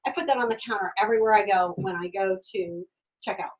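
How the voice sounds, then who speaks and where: A woman giving an energetic sales training talk, acting out customer conversations and repeating words for emphasis. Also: mid-range voice, fast. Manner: energetic, acts out customer dialogues. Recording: voice from a distant mic.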